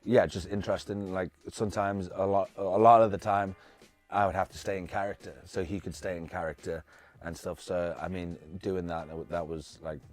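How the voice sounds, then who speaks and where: A man's voice: low-pitched, little pitch movement, fairly quick, a little mellow, no room sound, faint music behind. A man from the United Kingdom, an actor and filmmaker, chatting easily in an interview with many fillers and restarts. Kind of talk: casual interview chat.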